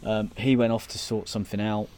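Low-ish guy stumbling through a recap, ums everywhere, swears casually. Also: flat delivery, darkish tone. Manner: hesitant, halting recap with frequent fillers, casual swearing. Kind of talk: casual chat.

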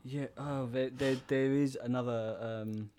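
A man's voice: mid-range voice, steady tone, measured pace, dark tone, a little hiss or hum. A man in casual chat, laid-back, giving short replies with hesitant fillers.

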